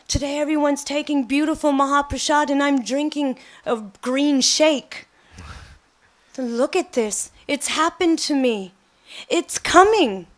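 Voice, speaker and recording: A middle-aged woman giving a devotional talk, telling personal stories and acting out the quotes. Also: high voice. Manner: animated storytelling, acts out quotes. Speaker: devotional speaker.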